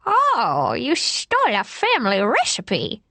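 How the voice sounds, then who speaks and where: A woman reading an audiobook voices an elderly nursing home resident, fussy and scolding, who talks with a lisp in a high, fretful voice. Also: huge pitch swings, slow, bright, forceful tone, no echo, full character voice. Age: older. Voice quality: lisping. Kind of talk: audiobook character voice. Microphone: close studio mic.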